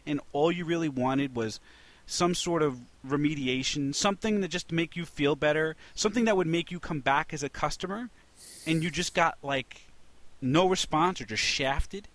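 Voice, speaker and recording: A man hosting a casual podcast, telling an animated story with lots of restarts. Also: fairly high pitch, normal speed, no room sound. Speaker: podcast host.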